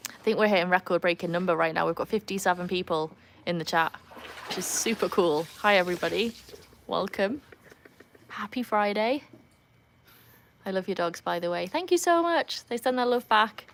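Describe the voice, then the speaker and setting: A woman's voice: lowish voice, moderate pace. A woman from North Wales with a Welsh accent, chatting casually on a live stream from beside a backyard pool, laughing often and talking to her dogs. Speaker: livestream host. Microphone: phone.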